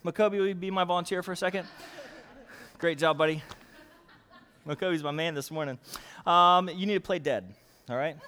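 Male pastor, high voice, lively and playful, mid-sermon, calls for responses. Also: fairly quick, pauses often, big-room sound, a little hiss or hum.

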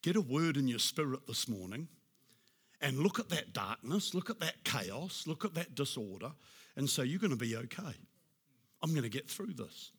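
A pastor preaching a sermon, emphatic, rising to loud declarations and dropping to a soft, hushed prayer. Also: male voice, medium pitch, sing-song, normal speed, breathy edge.

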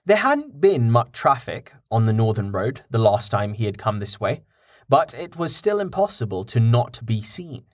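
A man narrating a fantasy audiobook in an expressive storytelling style on a close mic. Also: medium pitch, no echo.

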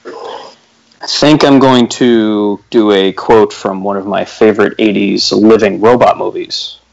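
A man's voice: on the low side, steady tone, slow pace, vocal fry, a little mellow. A man co-hosting a fantasy football podcast, chatting casually during a draft, joking and laughing often. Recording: dull lo-fi recording.

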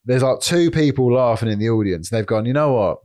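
A man at an ordinary middle pitch, co-hosting a comedy podcast. He talks things through in measured, casual banter, with the odd swear word. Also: animated, a little mellow.

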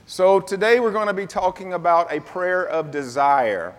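A man preaching a sermon, calling on the congregation to answer back, his voice rising and growing louder as he builds a point. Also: sits high, moderate pace. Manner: call-and-response preaching, asks the congregation to repeat words. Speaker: pastor. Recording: long reverb of a large hall.

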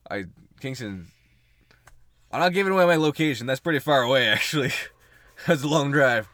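Crude joking man, lively pitch. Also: a little fast, dry recording. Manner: joking, crude, laughs often. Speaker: podcast co-host. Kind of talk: casual chat.

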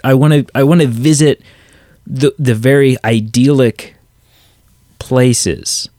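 A man co-hosts a movie podcast in loose, rambling chat, full of "like" and restarts. His voice sits at an ordinary middle pitch. The recording is dry and close. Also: slow, mellow, no room sound. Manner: rambling, filler-heavy. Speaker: podcast co-host.

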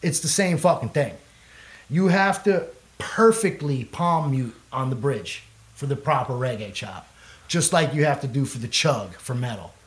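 A man's voice: mid-range voice, animated, moderate pace. A young man, a musician, telling a long rambling story in casual chat, swearing freely and laughing often. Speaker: guest musician.

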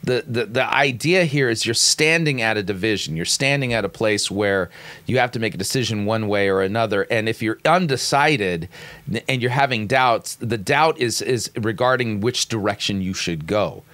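A low-voiced man talks through a sermon clip point by point. He reads scripture aloud and breaks down words, often restarting his sentences. The sound is close and dry. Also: normal speed, fairly bright tone, no echo. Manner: analytical, explains word by word with frequent restarts. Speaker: commentator critiquing a sermon. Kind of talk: commentary with scripture reading.

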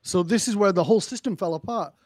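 A man's voice: high voice, quick pace, no echo, studio quality. A man telling stories as a guest in a podcast interview, acting out the dialogue with energy. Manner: animated storyteller, acts out dialogue. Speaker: leadership speaker, guest.

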